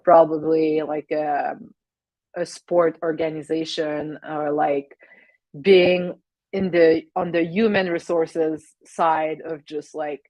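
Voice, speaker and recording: A woman's voice: low voice, fairly even intonation, slow, darkish tone, no room sound. A woman in her thirties with a French Canadian accent, a guest in a casual interview, talking hesitantly with many fillers. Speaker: guest, Olympic speed skater.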